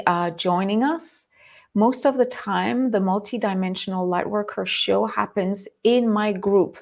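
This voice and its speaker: Woman, French accent, live spiritual talk host, excitable, fry in the voice, mid pitch. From France. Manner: excitable, greets viewers by name. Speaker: host and lightworker mentor.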